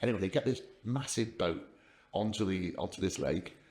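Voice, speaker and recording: A man's voice: deep voice, lively intonation, moderate pace, darkish tone. An older man telling rambling business anecdotes in a casual interview, with lots of restarts. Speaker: podcast guest, software company founder. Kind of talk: casual conversational storytelling.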